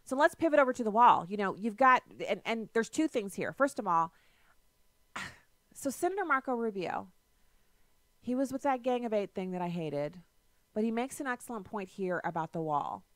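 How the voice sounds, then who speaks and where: A woman's voice: medium pitch, animated, moderate pace, fairly bright tone, no echo. A woman hosting a political talk radio show, delivering a sarcastic, emphatic monologue into a studio microphone.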